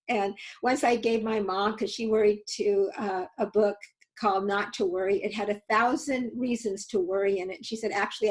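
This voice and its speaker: An older woman with a high, squeaky voice, leading a webinar workshop and telling stories with many fillers and restarts. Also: a little mellow. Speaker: workshop leader and webinar presenter. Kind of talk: storytelling in a webinar talk.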